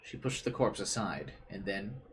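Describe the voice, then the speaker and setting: Low-voiced young man reading a visual novel. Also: expressive, moderate pace, noisy background. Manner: casual, joking asides between dramatic reading. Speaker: let's play streamer.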